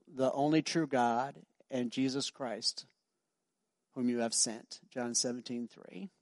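Casting: middle-aged male pastor, emphatic conversational sermon, mid pitch, dry close sound. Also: darkish tone, no echo. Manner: emphatic, repetitive, conversational storytelling.

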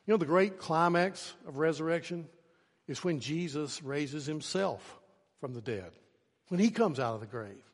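A man preaching a sermon as pastor, swinging from hushed, slow phrases to shouting for emphasis. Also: fairly high pitch, animated. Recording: long hall reverb.

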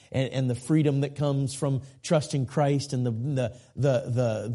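A man's voice: medium pitch, dark tone. A middle-aged man from the United States, preaching as an evangelist with passion, repetition and frequent restarts. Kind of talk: sermon.

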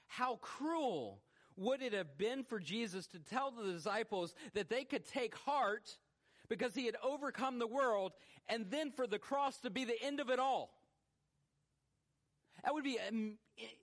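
Guy pastor preaching a sermon in church, kinda high voice, gets loud then drops way down quiet. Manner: animated, swings from loud rhetorical questions to hushed low emphasis. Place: church sanctuary.

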